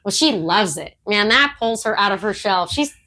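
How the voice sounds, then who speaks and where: A talkative woman on a podcast, sharing dog-training stories in an easygoing way. She laughs often and breaks into quick quoted asides. Her voice sits at an ordinary middle pitch. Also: lively intonation, pushed and bright. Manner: chatty storyteller who laughs often; acts out her dog's thoughts in quotes. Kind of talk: casual podcast chat.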